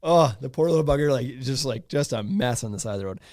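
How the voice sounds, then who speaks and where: The audio is studio quality with no room sound, carrying a mid-range male voice at a quick pace. He's a podcast host in his thirties, animatedly recounting a story with laughter and frequent fillers.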